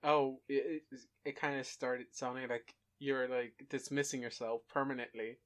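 A young man co-hosting a podcast, relaxed and hesitant, with lots of fillers. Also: mid-range voice, moderate pace. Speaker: podcast co-host. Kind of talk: casual chat.

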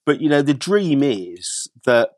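A man from England, an antiques silver specialist, telling lively anecdotes as a podcast guest. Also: medium pitch, measured pace, no room sound. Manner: lively storyteller, mimics voices in his anecdotes.

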